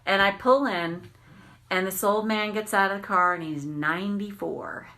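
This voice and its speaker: A woman coaching on tapping, telling candid, animated stories and swearing freely. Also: medium pitch, moderate pace. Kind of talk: casual storytelling monologue.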